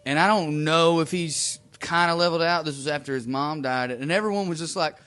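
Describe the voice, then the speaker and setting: Animated man in casual comedy chat. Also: fairly quick, clear, resonant tone. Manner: animated, acts out quotes in a high voice. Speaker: comedian, podcast co-host.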